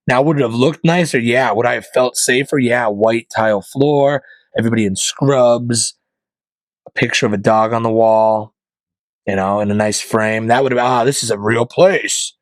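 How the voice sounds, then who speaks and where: A male podcast host rants in a comedic monologue, hammering his points home with loud bursts and then dropping to low, muttered asides. His voice sits at an ordinary middle pitch and sounds close and dry, with no room echo at all. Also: steady tone, normal speed. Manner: opinionated, emphatic, jumps between loud punchlines and low mutters.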